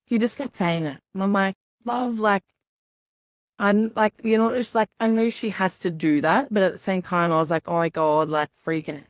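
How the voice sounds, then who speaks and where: A woman's voice: medium pitch, normal speed, no room sound, clean studio sound. A young woman on a podcast, telling her story in a rambling, casual way full of "like" and quoted asides.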